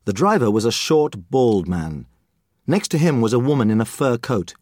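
Narrateur animé au débit expressif. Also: male voice, medium pitch, moderate pace, no echo, clean studio sound. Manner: lively, expressive storytelling. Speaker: audiobook narrator. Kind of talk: scripted storybook narration.

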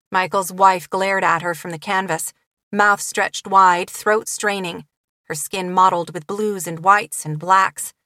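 Brief: woman audiobook narrator, mid-range voice, steady measured read, dry booth sound. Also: medium pitch, no room sound. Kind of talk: scripted narration.

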